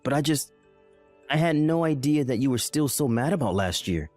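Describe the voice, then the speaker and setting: A man's voice: medium pitch, expressive, moderate pace, darkish tone, faint music behind, close to an everyday voice. A man voicing a bewildered, pleading young husband. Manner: confused, pleading, rising alarm. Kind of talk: dramatized story narration.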